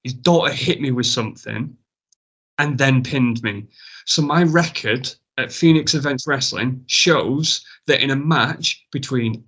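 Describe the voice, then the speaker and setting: A man's voice: mid-range voice, a bit bright. A man, a wrestler as a guest, casually telling a rambling, self-mocking story and swearing freely.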